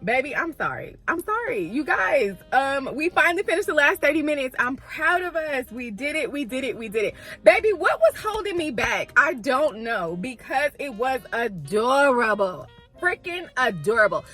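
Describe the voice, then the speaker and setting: A young woman chatting casually to her viewers in a book vlog, expressive and gushing, laughing often as she talks straight to them. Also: sits high, normal speed, soft background music. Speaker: book vlogger.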